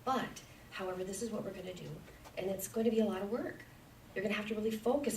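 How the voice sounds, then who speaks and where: A woman's voice: mid-range voice, quick pace, a little hiss or hum. Woman speaking from afar in an echoey church. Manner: earnest, dips into soft whispers. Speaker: guest speaker. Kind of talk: personal testimony talk. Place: church sanctuary. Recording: echoey church hall from far off.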